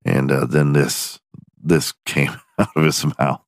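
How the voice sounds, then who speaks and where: A man's voice: very deep voice, steady tone, a little slow, no echo, clean studio sound. A man hosting a podcast, giving crude comedic commentary, swearing freely and laughing often as he mocks a clip. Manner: profane, laughing often, mocking. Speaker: podcast host.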